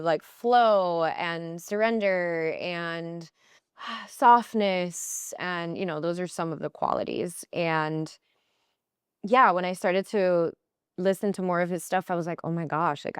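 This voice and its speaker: A woman talks through her own stories on a podcast, her voice fairly low but smooth and clear. She often jumps up into high, playful voices to quote herself and friends. The sound is dry and close to the mic. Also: no echo. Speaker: podcast guest. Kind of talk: conversational interview storytelling.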